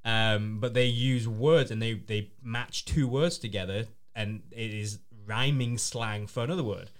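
Playful, chatty male podcast host. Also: fairly low pitch. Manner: chatty, playful, quick asides. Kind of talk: casual chat.

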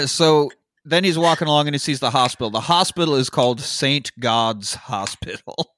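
A man's voice: on the high side, normal speed, fairly bright tone, no echo. Man casually recapping a movie, dry sound. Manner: laid-back storytelling with profanity and frequent laughs. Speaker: podcast co-host.

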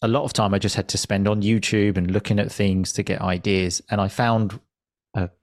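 A man's voice: fairly low pitch, moderate pace, no echo, studio quality. A man who teaches English, telling a story in an easy, rambling conversational way. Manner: relaxed, anecdotal, with fillers like "like".

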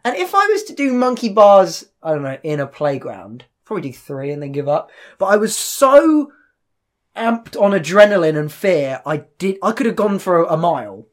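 A man's voice: high-pitched, normal speed. A young man in his twenties, a podcast host, telling a story in casual chat, swearing often and tripping over his words. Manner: animated storytelling, swears a lot, stumbles and repeats.

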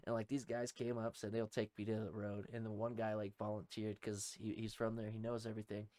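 A man's voice: fairly low pitch, little pitch movement, fairly quick, dark tone, no echo. A young man, a podcast co-host and former Army private, telling a story in a casual, profane, rambling way and laughing through it.

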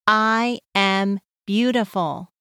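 A woman hosting a children's podcast, leading a slow, soothing breathing and movement exercise with sing-song chanting. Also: mid-range voice, fairly even intonation, sharp tone, clean tone, no echo, clean studio sound. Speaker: podcast host guiding parent and child. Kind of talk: guided calm-down exercise for kids.

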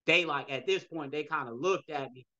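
A man's voice: fairly high pitch, normal speed, sharp tone, highs cut off. A man telling a personal story as a podcast guest, rambling and acting out dialogue with frequent "you know" asides.

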